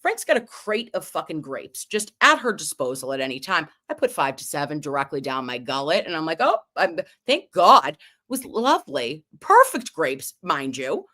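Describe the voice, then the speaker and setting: A woman hosting a casual livestream recap, telling a story in an animated way and swearing often. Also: low voice, normal speed, hardly any pauses. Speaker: livestream host.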